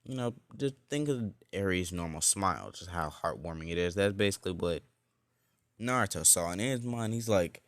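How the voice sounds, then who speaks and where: A man's voice: low-pitched, expressive, moderate pace, no echo. A man casually telling a fan-fiction story, rambling and full of fillers. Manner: rambling, full of "like" and "you know".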